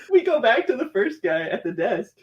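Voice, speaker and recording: An American man telling a casual story as a podcast guest, animated, laughing often and swearing freely, with lots of filler words. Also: very high-pitched, measured pace, dull audio. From United States.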